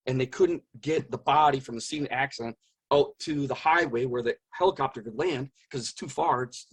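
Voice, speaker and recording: A man telling his own story as an interview guest, earnest and halting, often searching for words. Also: mid-range voice, breathy edge. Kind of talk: personal testimony in conversation.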